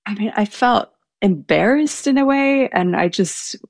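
A woman's voice: mid-range voice, lively intonation, measured pace, vocal fry, no room sound, clean studio sound. A young woman telling a personal story in casual chat, hesitant, with many fillers and restarts. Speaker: storyteller guest. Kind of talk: casual anecdote.

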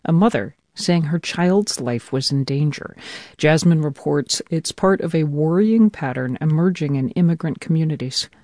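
A woman news show host introducing a report with a crisp anchor delivery. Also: low voice, expressive, normal speed, warm tone, dry recording, studio quality.

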